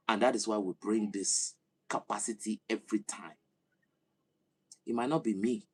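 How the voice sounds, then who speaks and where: A man from Nigeria with a Nigerian accent, giving a passionate political commentary that swells into loud, emphatic oratory. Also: lowish voice, steady tone, moderate pace, long pauses, husky. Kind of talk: impassioned monologue to camera.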